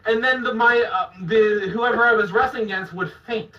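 Young guy, high voice, crude laughy stories, echoey room, far from the mic. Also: moderate pace, very noisy. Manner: animated, laughing, crude storytelling. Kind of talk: casual storytelling chat. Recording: distant roomy dull mic.

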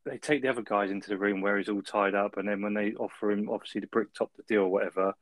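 A man's voice: on the low side, fairly even intonation, quick pace, no echo, poor audio. A man co-hosting a film review podcast, easygoing and chuckling, ending points with tag questions. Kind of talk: casual chat.

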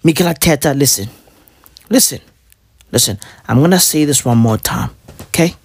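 A man's voice: a little high, lively intonation, moderate pace, no room sound. A man vlogging in casual chat with his wife, teasing and joking in playful banter.

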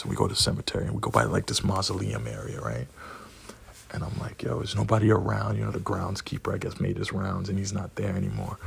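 A man in his forties telling a profane, rowdy personal story and laughing at his own punchlines. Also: low voice. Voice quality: gravelly, husky voice.

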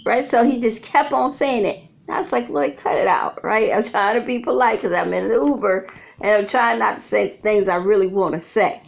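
A woman's voice: mid-range voice, moderate pace, gravelly. A middle-aged woman, a vlogger and author, talking frankly and casually to her viewers and laughing often as she tells her stories. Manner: frank, chatty storyteller who laughs often. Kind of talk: candid casual monologue to viewers. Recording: slightly dull lo-fi audio.

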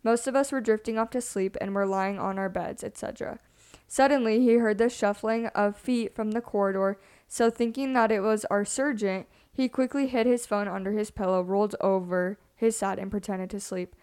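A young woman reads a scary story aloud in a hushed, subdued way. Between stories she chats casually as a co-host. Her voice sits at an ordinary middle pitch for a woman. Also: steady tone, normal speed, smooth. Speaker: podcast co-host.

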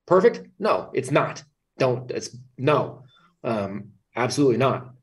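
A man's voice: mid-range voice, a little slow, husky, far from the mic. A man speaking as a guest in a casual interview, blunt and swearing freely. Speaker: podcast guest.

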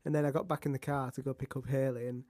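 Fast-talking man chatting on a live show. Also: medium pitch, flat delivery, a little mellow, no room sound, clean studio sound. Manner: rapid, tumbling delivery that rushes ahead. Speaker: musician co-host of a live show. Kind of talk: casual storytelling chat.

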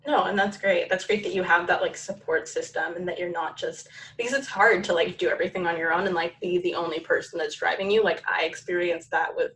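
Brief: woman podcast host, easygoing and agreeable, slightly low voice. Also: steady tone, a little fast, few pauses, fairly bright tone, poor audio. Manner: agreeable, reads listener questions. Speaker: podcast interviewer. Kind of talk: casual chat.

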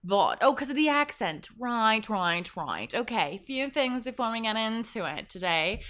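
A woman hosts her own podcast as a pleasure coach, talking casually from a home office with a fan running, swearing freely and laughing often. Her voice is on the high side and fairly bright, with big pitch swings and an unhurried pace, picked up by a sensitive studio mic up close.

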